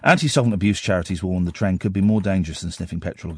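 A man's voice: low-pitched, very fast, hardly any pauses, darkish tone, slightly rough, no room sound. A man in his forties from Yorkshire with a Yorkshire accent, hosting a radio show with sardonic, self-mocking chat about the news. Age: 40s. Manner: sardonic, self-mocking, reads news items then riffs on them. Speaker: radio host. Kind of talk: casual radio monologue.

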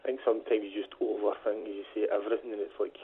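A man's voice: lowish voice, little pitch movement, quick pace, a little hiss or hum. A man calling a radio show, talking in a friendly, easygoing way. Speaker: caller. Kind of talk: phone-in chat. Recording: tinny phone line.

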